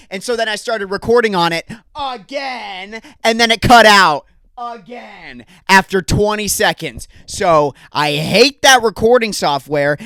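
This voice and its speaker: A man's voice: high-pitched, a bit bright, no room sound, studio quality. A young man hosting a comedy podcast, ranting in a mock-angry way with lots of rhetorical questions. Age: young adult. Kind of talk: solo comedic rant.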